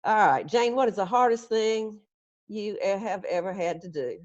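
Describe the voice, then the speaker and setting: In a casual question-and-answer with her congregation, a middle-aged woman minister chats folksily and laughs a lot. She speaks at a normal speed in a mid-range, darkish voice with lively intonation and no room sound, captured on dull, dry, lo-fi stream audio.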